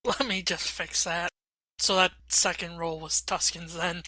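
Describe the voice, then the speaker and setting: A woman's voice: on the low side, fairly even intonation, unhurried, bright, forceful tone, dry recording. A woman player in a tabletop game, murmuring confused asides.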